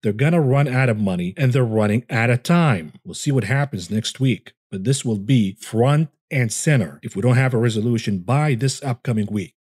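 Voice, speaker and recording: A man's voice: medium pitch, lively intonation, moderate pace, few pauses, darkish tone, breathy edge, no echo, clean studio sound. A man hosting market commentary, combative and scornful, asking rhetorical questions and answering them himself.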